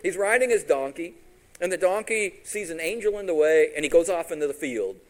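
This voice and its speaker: A man's voice: a little high, brisk, rough recording. A man preaching a sermon, retelling a story with acted-out voices and questions to the congregation. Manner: animated, acts out each character's lines in the story.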